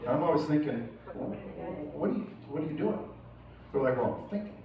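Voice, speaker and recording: A man's voice: a little high, expressive, moderate pace, vocal fry, highs cut off, a little hiss or hum. A man giving a casual, profane motivational keynote to a live audience, telling stories and laughing often. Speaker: keynote speaker. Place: large indoor event hall. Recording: echoey hall recorded from far off.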